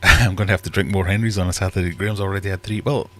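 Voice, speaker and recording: A Scottish man with a low, deep voice hosts a casual live stream from his home fish room. He is middle-aged and chats in a loose, rambling way, often poking fun at himself. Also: steady tone, racing. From Scotland. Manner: rambling, chatty and self-deprecating. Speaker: livestream host.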